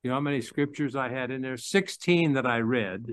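An older man delivers a sermon in a loose, conversational way, stumbling and restarting and chuckling between points. His voice sits at an ordinary middle pitch. The sound is dry, with little room echo. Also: a little fast. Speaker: pastor.

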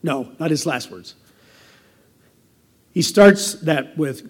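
An older American man delivering a sermon as pastor, conversational and anecdotal, with a gravelly voice. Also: on the high side, lively intonation, slow pace. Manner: conversational preaching with personal anecdotes.

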